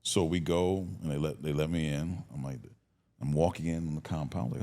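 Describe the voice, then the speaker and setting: A man in his fifties from Cleveland, telling stories as a guest in a casual conversation. He is animated, laughs often and acts out the voices of people he quotes. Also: extremely low pitch, moderate pace. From Cleveland, United States. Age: 50s.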